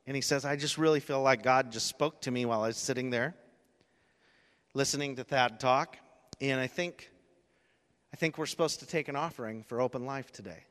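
A man preaches from the pulpit in a voice of middling pitch, telling a heartfelt story that builds to emphatic peaks. The sound carries a long reverb from a large church hall. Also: fairly quick, a bit bright. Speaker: pastor. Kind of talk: sermon.

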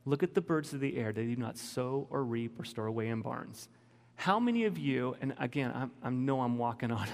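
Guy preaching a sermon, gravelly voice, kinda emotional and chatty, church hall reverb. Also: medium pitch. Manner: candid, emotional, conversational preaching. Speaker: pastor.

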